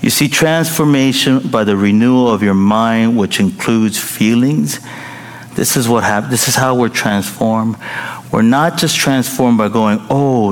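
A man preaching a sermon and telling a personal story, in an animated way with high excited bursts. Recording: long reverb of a large hall.

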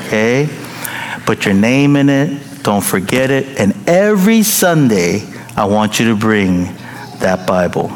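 A middle-aged man preaching to his congregation, unhurried and easygoing, with frequent chuckles and jokes. His voice sits at an ordinary pitch and carries a long reverb from a large church hall, with a faint hiss underneath. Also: very animated. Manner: playful, joking, chuckles often. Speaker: pastor. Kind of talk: sermon.

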